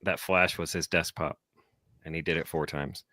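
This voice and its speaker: A man with a very low voice talks in a laid-back, wry way as a podcast co-host. The recording is dry and close-miked. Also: fairly even intonation, moderate pace, sharp tone, no room sound. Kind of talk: casual chat.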